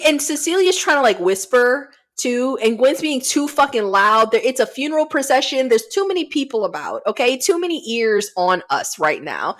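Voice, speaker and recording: A woman co-hosting a podcast, recapping a movie in casual chat, cursing freely and jumping into quick asides. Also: sits high. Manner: profane, animated retelling with quick asides. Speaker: podcast co-host.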